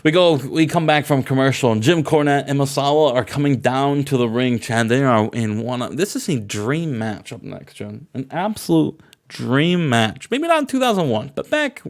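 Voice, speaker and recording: A man's voice: mid-range voice, animated, moderate pace. A man recapping a game playthrough with a co-host in casual, playful, laughing commentary. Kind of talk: casual let's-play commentary.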